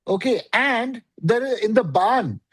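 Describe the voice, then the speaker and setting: A man's voice: extremely high pitch, animated, unhurried, slightly rough. A man co-hosting a casual review chat, sounding exasperated and agreeing in a loose, rambling way. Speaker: co-host.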